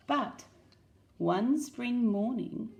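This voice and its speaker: A woman with an Australian accent reading a picture book aloud to children, animated and asking them questions. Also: on the high side, gravelly. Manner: animated, asks listeners questions. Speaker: children's story reader.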